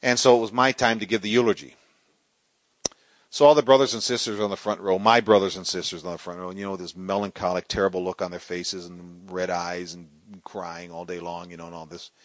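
A middle-aged man preaching a sermon, swinging from loud, soaring exclamations to quiet storytelling. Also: low voice, level tone, brisk, no echo.

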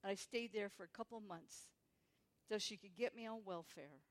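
A woman's voice: medium pitch, normal speed. Woman telling her testimony in church. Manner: storytelling, acting out the voices of people she quotes. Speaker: guest speaker giving testimony. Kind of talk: personal testimony at a church service.

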